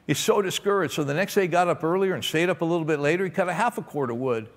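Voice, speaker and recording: A man preaching a sermon as pastor, animated and emphatic, telling stories to make his points. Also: fairly high pitch, rapid-fire. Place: large church auditorium. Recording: long hall reverb in a church.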